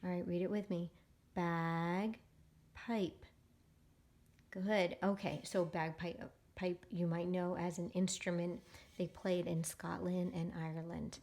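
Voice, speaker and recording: A woman teaching a phonics lesson to young readers. She is patient and encouraging, and she sounds out words slowly for the children to repeat. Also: fairly low pitch, flat delivery, gravelly, mellow. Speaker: reading teacher.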